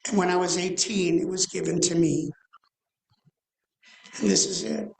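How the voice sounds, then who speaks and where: A man in his sixties tells a story from the pulpit, his voice rising and falling with animation and stretching into slow, dramatic pauses. The sound carries the roomy echo of a church sanctuary. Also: sits high, steady tone, gravelly. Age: 60s. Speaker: guest speaker, rabbi. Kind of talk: storytelling sermon.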